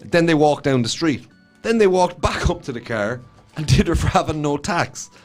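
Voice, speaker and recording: Male co-host, opinionated storyteller, low music bed underneath. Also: animated, moderate pace. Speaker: radio show co-host. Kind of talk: casual chat. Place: studio.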